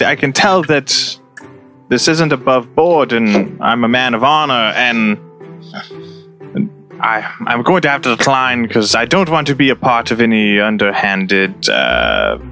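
A man playing a tabletop game in character, polite and hesitant, with plenty of fillers. His voice is bright and forward. Faint music plays behind him. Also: mid-range voice. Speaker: player. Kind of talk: tabletop role-play.

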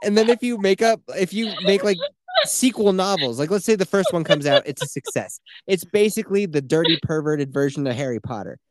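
A man banters on a podcast, with sarcastic and teasing remarks and casual swearing. His pitch moves around a lot. The sound is dry and close. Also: animated, brisk, no room sound. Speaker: podcast co-host. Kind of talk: casual chat.

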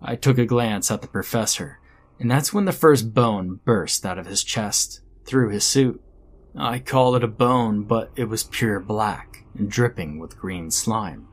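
A man's voice: lowish voice, a little slow, a little hiss or hum. A man narrating a scripted first-person horror story in a dramatic storytelling manner.

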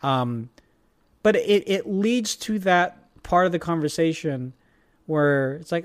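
A young man chatting casually and jokily as a podcast co-host, rambling and animated. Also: fairly high pitch, normal speed. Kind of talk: casual chat.

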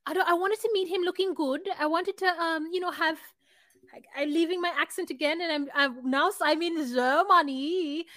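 A woman's voice: very high voice, normal speed, a bit bright, no room sound. A woman doing a mocking impression of a 23-year-old woman in a put-on British accent that keeps slipping, complaining in a whiny, theatrical way. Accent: mock British, slipping.

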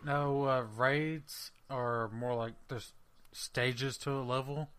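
A man's voice: mid-range voice, steady tone, slow, a bit bright, clean tone. A man on a casual gaming podcast, explaining things patiently, step by step. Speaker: podcast co-host.

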